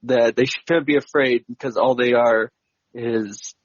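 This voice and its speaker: Male co-host, husky, rambling, laughs often; dry, muffled podcast audio. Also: medium pitch, fairly even intonation, a little slow, no echo. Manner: rambling, laughs between points. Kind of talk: casual film discussion.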